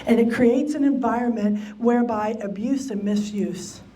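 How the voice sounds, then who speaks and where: High-voiced woman teaching a church lesson. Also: moderate pace, dark tone, a little hiss or hum. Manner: emphatic, repeats key phrases, acts out quoted speech. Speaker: church Bible study teacher. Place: church meeting room.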